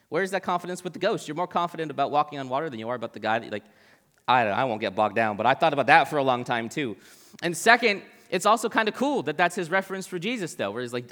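A man giving a casual, joking Bible talk, acting out the people in the story in quick voices. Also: a little high, animated, bright, forceful tone, long reverb tail.

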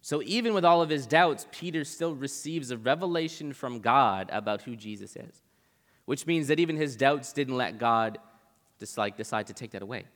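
A man giving a casual, joking Bible talk, acting out the people in the story in quick voices. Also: medium pitch, animated, fairly bright tone, in a large hall.

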